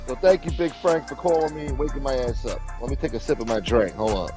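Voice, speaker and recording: A man hosting a livestream as a mock preacher, loud, joking and animated, chatting casually to his viewers. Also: medium pitch, fast talker, music in the background. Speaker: livestream host.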